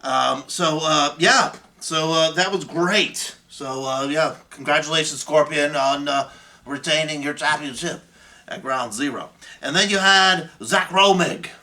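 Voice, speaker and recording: A young man hosting a backyard wrestling show, rambling through match results in excited, unscripted chat, swearing freely and griping about his pay. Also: on the high side, unhurried. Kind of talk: casual unscripted show recap.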